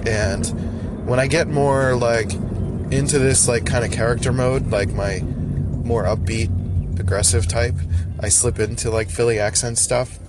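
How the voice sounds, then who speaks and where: A man's voice: medium pitch, fairly even intonation, a little slow. A young man from Northeast Philadelphia with a mild Philly accent, rambling through a casual solo rant with frequent restarts and laughs. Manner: rambling, self-interrupting, laughs often. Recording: loud street and car noise.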